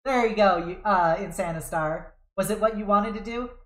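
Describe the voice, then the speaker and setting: A woman live-streaming a game, chatting with viewers and reacting loudly, with frequent giggles and swearing when under fire. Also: mid-range voice, normal speed. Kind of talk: live gameplay commentary. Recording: roomy echo.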